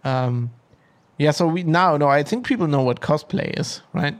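A man co-hosting a podcast, chatting casually outdoors, rambling and halting with many fillers and restarts. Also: on the high side. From Germany. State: out of breath. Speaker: podcast co-host. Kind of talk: casual chat. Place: outdoors at an industrial park.

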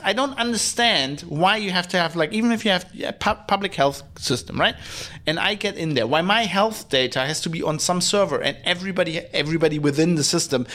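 This podcast host's voice is high-pitched and fairly bright as he rants in a blunt, sarcastic, casual way. Swearing comes freely, along with frequent fillers and restarted sentences.

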